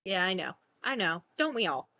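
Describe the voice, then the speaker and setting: A woman co-hosting a casual podcast, retelling a film in a chatty, profane, animated way. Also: mid-range voice, normal speed, no room sound, muffled recording. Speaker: podcast co-host.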